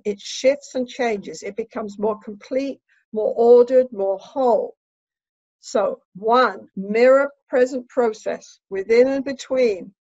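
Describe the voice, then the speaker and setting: A woman's voice: fairly high pitch, a little mellow, no echo, muffled recording. A woman therapist and trainer giving a teaching lecture, emphatic and instructive, often checking in with "right?".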